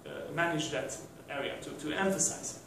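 A man's voice: fairly high pitch, normal speed, slight background noise. A man giving a university lecture, hesitant, with many fillers and restarts. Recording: very echoey room from far off.

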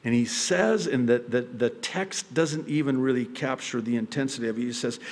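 A male pastor preaching a sermon, telling the story in a lively way and acting out the characters' quoted lines. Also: mid-range voice, normal speed. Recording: long reverb of a large hall.

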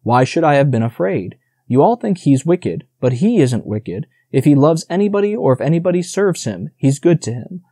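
A man's voice: fairly high pitch, very animated, moderate pace, mellow, breathy edge, no room sound, clean studio sound, heavily acted. A man reading the part of a proud young male deer who boasts about his time with people, in an audiobook. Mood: boastful.

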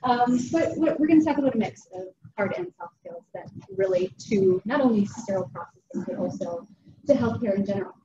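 A woman's voice: a little high, expressive, brisk. A middle-aged woman from Wisconsin giving a talk to a meeting, telling a funny story in a chatty way and often asking "right?". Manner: chatty, humorous, keeps checking in with "right?". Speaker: guest speaker. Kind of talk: storytelling presentation. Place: meeting room. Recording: distant, roomy, dull and noisy.

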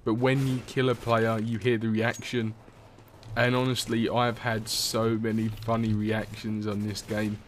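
A man's voice: fairly low pitch, completely flat delivery, measured pace, a little hiss or hum. Rambling young man commentating a game. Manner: rambling, swears often, laughs at own stories. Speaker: gaming commentator. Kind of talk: casual gameplay commentary.

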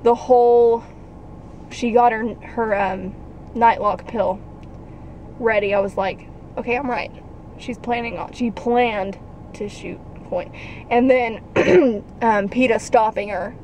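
A young woman chatting excitedly about a film in a parked car. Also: on the high side, slow, long pauses, slight background noise, low-quality recording. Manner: gushing, bursts into loud acted quotes. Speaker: vlogger. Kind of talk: excited casual chat.

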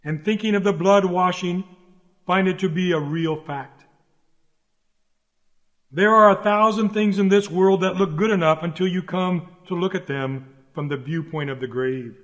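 A man with a high-pitched voice delivers a sermon in an earnest, emphatic manner, returning again and again to direct appeals to his listeners. His voice trails off into a long reverb, as if he were speaking in a large hall. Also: normal speed, highs cut off. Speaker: preacher. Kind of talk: sermon read aloud.

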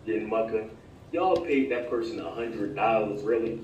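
A man's voice: lowish voice, moderate pace, a little mellow, highs cut off. A man giving dismissive, sarcastic casual commentary. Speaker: YouTube commentator in a played clip. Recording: distant, echoey, faint hiss.

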